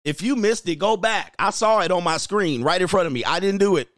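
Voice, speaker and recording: Animated man hosting a livestream. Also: high voice, brisk, no room sound, clean studio sound. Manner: animated, laughing, swears freely. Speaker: livestream host reading chat. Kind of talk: casual livestream chat.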